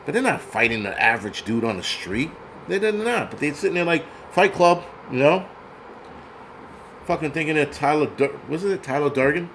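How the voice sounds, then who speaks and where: A man's voice: fairly high pitch, animated, a little fast, fairly bright tone, slight background noise. A man hosting his own channel, ranting bluntly and profanely in casual commentary with many restarts. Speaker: channel host.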